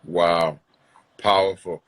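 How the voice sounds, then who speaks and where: A man's voice: deep voice, little pitch movement, slow pace, fairly bright tone. A man hosting a live call-in stream, talking casually and emphatically with his callers. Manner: emphatic, calls callers queen. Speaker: live talk show host taking callers.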